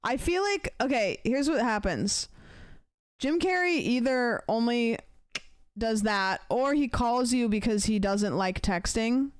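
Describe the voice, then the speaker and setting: Casual rambling woman streamer, smooth voice. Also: on the high side, lively intonation, slow pace, dry recording, studio quality. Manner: rambling, playful, swears casually. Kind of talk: casual chat, ranking celebrities' texting habits.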